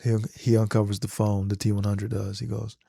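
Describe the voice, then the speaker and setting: A man casually retelling a movie scene in an animated, slangy storytelling manner. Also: on the low side, fairly quick, gravelly, husky, dry recording, clean studio sound. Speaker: vlogger.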